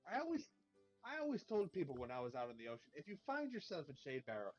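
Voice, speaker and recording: Man player, lively in-character banter, flattering and stammery, dull lo-fi mic with faint music. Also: on the high side, fast. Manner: flattering, rambling, stammering restarts. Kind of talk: in-character tabletop role-play.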